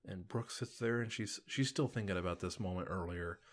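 A man's voice: deep voice, brisk. A man co-hosting a podcast, steadily retelling a TV episode's plot in casual chat. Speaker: podcast co-host. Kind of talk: casual TV recap narration.

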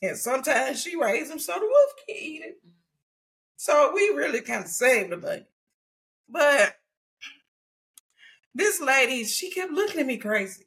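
A woman, hosting a casual faith conversation and telling stories with animated delivery and frequent laughter. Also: high voice, unhurried, gravelly, long pauses. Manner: animated storytelling, laughing often. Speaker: podcast host.

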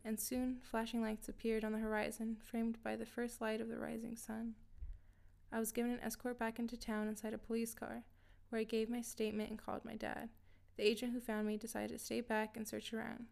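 Flat-voiced, gravelly woman narrating. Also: on the high side, a little fast. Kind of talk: scripted first-person story narration.

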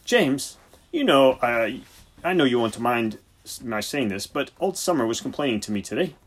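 A brusque, preachy senior country vet , put on by a male audiobook reader. His husky voice swings high and loud, full of lively rises and falls as he lectures. Theatrical and commanding. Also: moderate pace. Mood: lecturing. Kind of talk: audiobook character voice.

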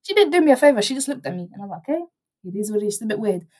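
A young woman, telling a story in casual chat as a guest, animated and rambling, with many restarts and quoted dialogue. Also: on the high side, rapid-fire.

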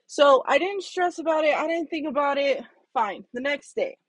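A woman vlogging, telling a personal story candidly, swinging between hushed asides and loud bursts, with some swearing. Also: high voice, lively intonation, moderate pace, no room sound. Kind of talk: casual storytelling monologue.

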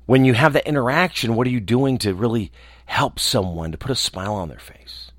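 A man who hosts a show, talking alone in a small room in a reflective, earnest way, often restarting and trailing off softly. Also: mid-range voice, no room sound, studio quality. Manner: earnest, halting, with restarts and soft trailing endings. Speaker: radio host. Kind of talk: reflective casual monologue.

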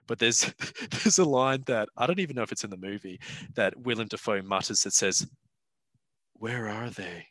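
Bright-voiced man, rambling chat. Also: on the low side, expressive, fairly quick. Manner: rambling, laughs a lot, swears freely. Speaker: podcast host. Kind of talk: casual film review chat.

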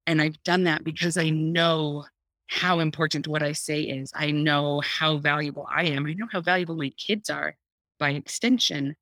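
A woman's voice: low voice, normal speed, no echo. A woman talking casually about parenting on a podcast, laughing often and acting out her own thoughts. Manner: animated, laughs often, acts out her own inner dialogue. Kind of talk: casual conversational podcast talk.

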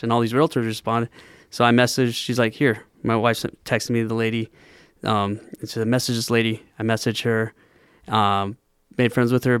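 A man speaking as a podcast guest, retelling his first deal in a steady, plain way. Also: medium pitch, clear, resonant tone, no room sound, clean studio sound. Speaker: guest, real estate entrepreneur. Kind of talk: casual podcast interview.

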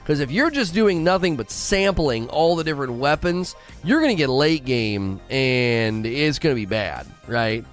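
Male stream host, lively pitch, rambling chat, faint background music. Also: a little slow, hardly any pauses. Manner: animated, rambling, repeats himself. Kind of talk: casual live-stream chat.

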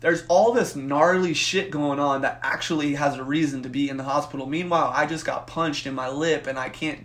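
A young man co-hosting a podcast, telling a profane story in a casual, animated way and acting out the voices in it. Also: on the high side, brisk. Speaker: podcast co-host.

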